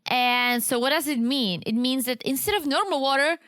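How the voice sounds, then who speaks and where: A woman's voice: high voice, moderate pace, a bit bright, no room sound. A woman co-hosting a podcast in playful, joking casual chat. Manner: playful, jokey, tries out accents. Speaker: podcast co-host.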